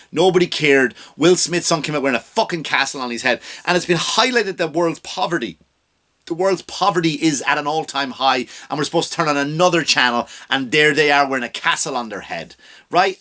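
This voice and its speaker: A man's voice: on the high side, animated, fairly quick, bright, forceful tone. A middle-aged man, an immigrant to the US, hosting a comedy podcast with a profane, mocking rant. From abroad, immigrant to the US. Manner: ranting, profane, mocking impressions.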